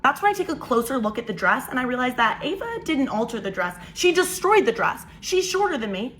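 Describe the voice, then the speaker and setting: Bright, exasperated young woman storyteller. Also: high-pitched, slight background noise. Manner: animated, exasperated, incredulous. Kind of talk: storytime vlog narration.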